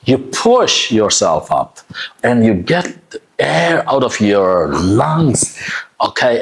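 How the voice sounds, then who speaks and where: A man teaching pronunciation, sounding out words slowly with exaggerated, breathy H sounds and encouraging praise. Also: medium pitch, very animated. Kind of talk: phonics lesson, modeling words slowly.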